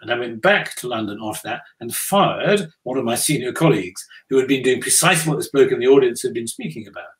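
An older man from the United Kingdom recounts business lessons in an unhurried interview. He tells his stories with dry, self-deprecating humor and often restarts his sentences mid-thought. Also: medium pitch, animated, low-quality recording. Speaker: business leader guest. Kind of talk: conversational interview storytelling.

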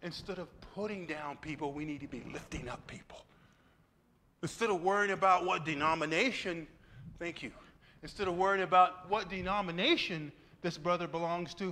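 A man preaching a sermon to his church in an animated way, with sudden loud exclamations and asides to the congregation. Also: sits high, normal speed. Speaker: pastor. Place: church sanctuary.

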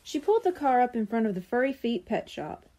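A woman from a library reading a children's chapter book aloud with expressive, clear storytelling. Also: a little high, a little fast.

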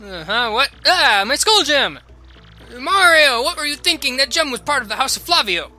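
A man's voice: extremely high pitch, big pitch swings, moderate pace, sharp tone, soft background music, pitched above the performer's own voice, full character voice. A man voicing a pompous, vain male nobleman in a game, speaking in a grand, theatrical way. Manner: grand, theatrical and self-important.

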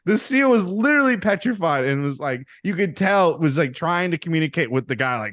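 Brief: male podcast co-host, higher voice with a lively, swinging delivery, ranting and cursing, dry close mic. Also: a little fast, hardly any pauses, no room sound. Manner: animated ranting, heavy swearing. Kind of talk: casual chat.

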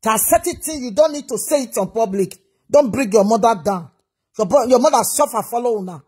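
A woman scolds and lectures at length. Her voice is husky and breathy, and she switches between English and a local language. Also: fairly high pitch, animated, a little fast, darkish tone. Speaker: commentator. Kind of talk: scolding commentary.

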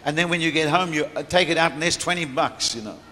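A man's voice: fairly high pitch, fast, sharp tone. A middle-aged man preaching, telling a story from the pulpit and often laughing as he goes, recorded in a large church hall. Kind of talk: sermon testimony. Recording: reverberant church hall, faint room noise.

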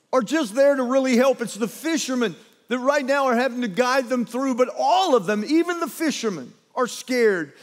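In a large hall, a man with a very high-pitched voice preaches as pastor, dramatically retelling scripture in an animated style that moves from hushed to loud.

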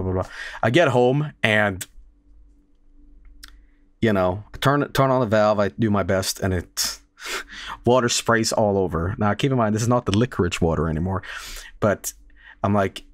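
A young male game streamer telling a story into a desk microphone at home, laughing and cursing as he goes. His pitch swings widely from low mutters up to sudden yelps. The sound is close and completely dry, with no room around it. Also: no echo. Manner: animated, laughing, swearing, with sudden loud outbursts. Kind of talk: casual storytelling on a live stream.

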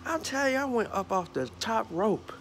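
A man from Georgia tells an outdoor story with plenty of energy, tripping over repeated words as he acts out what happened. His voice sits high for a man and rises and falls widely as he goes. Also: moderate pace, slight background noise. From Atlanta, Georgia. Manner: animated, stumbling repeats, acts out bits. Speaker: lawn care worker filming a vlog. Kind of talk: casual storytelling. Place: outdoors by a carport.

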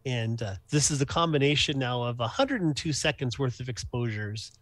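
A man's voice: medium pitch, expressive, normal speed, fairly bright tone, no room sound. A man co-hosting an astronomy livestream, easygoing and hesitant, with many fillers. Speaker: amateur astronomer co-host. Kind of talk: casual livestream talk.

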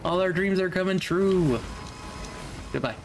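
A man's voice: sits high, a little slow, soft background music. A young man streaming a video game, casually commenting and playfully talking to the enemies on screen. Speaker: let's play streamer.

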